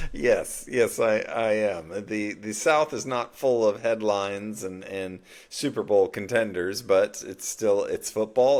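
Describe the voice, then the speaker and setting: An Australian man co-hosting a casual sports chat, laughing often and restarting his sentences. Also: mid-range voice. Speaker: co-host.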